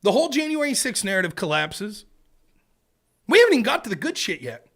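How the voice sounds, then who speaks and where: Male stream host, high voice with big swings, profane and conversational, frequent "right?". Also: fairly quick. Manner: animated and profane, keeps asking "right?". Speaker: live-stream political commentator. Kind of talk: casual ranting commentary. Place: home streaming setup.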